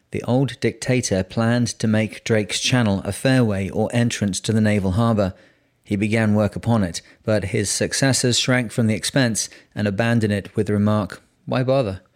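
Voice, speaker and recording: Man reading an old sea memoir, low voice, steady and measured. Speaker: audiobook narrator.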